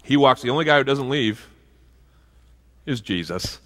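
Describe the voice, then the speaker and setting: Bright-voiced pastor in a reverberant church. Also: male voice, medium pitch, expressive, normal speed. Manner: conversational preaching with asides and restarts. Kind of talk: sermon. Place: church sanctuary.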